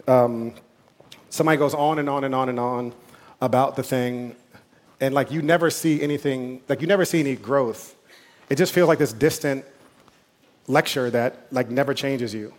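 A man preaching a sermon as pastor, talking in a conversational way with asides and quick quoted voices. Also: medium pitch.

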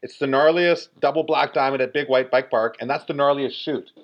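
A man in his forties telling a story in a casual, animated way, full of "like" fillers. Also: mid-range voice, brisk. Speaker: guest. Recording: dull lo-fi recording.

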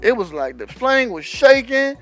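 A man co-hosting a podcast, telling an animated, profane story in casual chat. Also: very high voice, measured pace. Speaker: podcast co-host.

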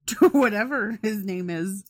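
A woman's voice: medium pitch, lively intonation, a little slow. A woman in her thirties chatting casually and laughing often between lines. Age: 30s. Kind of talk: casual chat.

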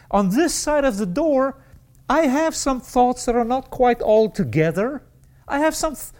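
A man preaching a sermon, with repeated words and restarted phrases, and sudden rises in pitch. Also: a little mellow.

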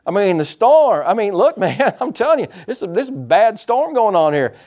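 A male pastor preaching a sermon, animated, acting out quotes and calling for responses from the congregation. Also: high-pitched, normal speed.

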